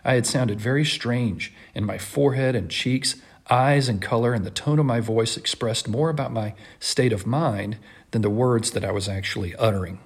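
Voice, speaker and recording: Male reader with a slightly husky voice; earnest, impassioned dramatic reading of a classic text. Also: medium pitch, moderate pace.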